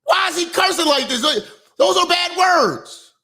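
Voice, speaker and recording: A shrill, bright, alarmed child's voice, as a man puts it on in a retelling, scolding in disbelief. Pitched very high and tense, it rises into an outraged shout. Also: lively intonation, unhurried, exaggerated voice. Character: scared, shocked young schoolkids.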